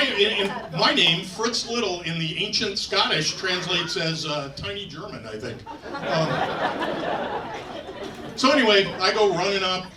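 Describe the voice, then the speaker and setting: A man's voice: high-pitched, noisy background. A man from New York performing a stand-up set, telling a long story with many fillers and acted-out quotes. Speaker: stand-up comedian. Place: comedy stage before a laughing audience. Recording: roomy, distant live club recording.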